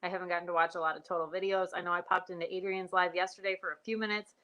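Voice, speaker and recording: A woman's voice: fairly low pitch, little pitch movement, very fast, bright, forceful tone, lo-fi sound. A woman farmer hosting a live stream, chatting in a rambling way and greeting viewers by name. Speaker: sheep and goat farmer hosting a livestream. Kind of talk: casual live-stream chat.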